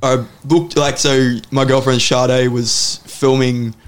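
A man, a podcast co-host and vocalist, chatting casually, laughing and swearing as he tells quick stories. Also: mid-range voice, flat delivery. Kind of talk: casual chat.

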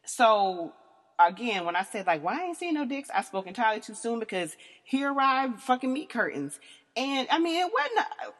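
A woman's voice: medium pitch, a bit bright. A woman in her thirties hosting a podcast, telling a story in a blunt, crude, laughing way. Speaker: podcast host. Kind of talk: candid storytelling. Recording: long reverb.

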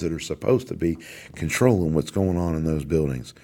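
A man's voice: very deep voice, fairly quick, warm tone. A middle-aged man, hosting a podcast and giving an emphatic motivational talk that repeats its key phrases. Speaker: podcast host, corrections warden.

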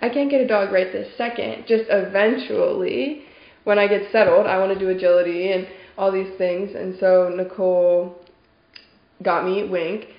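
A woman's voice: medium pitch, moderate pace. A young woman telling a story in a casual group chat, acting out what people said and filling her talk with "like". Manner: animated storyteller, acts out quotes, many "like"s. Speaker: dog trainer on team podcast. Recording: echoey room, dull lo-fi sound.

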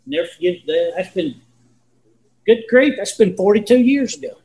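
A man's voice: sits high, very animated, moderate pace, a little mellow. A man in his sixties leading a casual Bible study, talking in a folksy, rambling, storytelling way. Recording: echoey room.

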